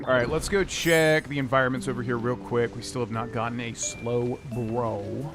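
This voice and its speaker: A man's voice: mid-range voice, fairly even intonation, moderate pace, few pauses. A young man giving casual, rambling gameplay commentary as a streamer, humming and scatting to himself between thoughts. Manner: chatty, rambling, hums and scats to himself. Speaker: game streamer. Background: game music.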